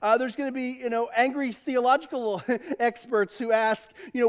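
High-voiced pastor, chatty and laughing. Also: male voice, steady tone, moderate pace. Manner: chatty, self-deprecating, laughs often, many restarts. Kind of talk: sermon.

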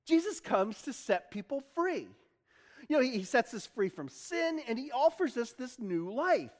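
A man's voice: extremely high pitch, sing-song, normal speed. A man preaching a casual, conversational sermon, chuckling often and wandering into folksy asides. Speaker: pastor.

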